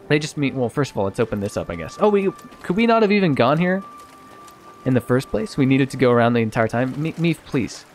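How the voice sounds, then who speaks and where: A man's voice: mid-range voice, brisk, soft background music. Chatty man streaming a card game. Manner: thinks aloud, self-mocking, easily excited. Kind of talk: casual let's-play commentary.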